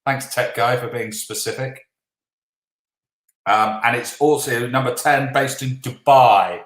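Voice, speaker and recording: A man with a mid-range, fairly bright voice hosts a live online pub-style quiz in a room with noticeable echo. He jokes cheekily with the players, reads answers at a slow pace, and apologizes after letting slip a swear word.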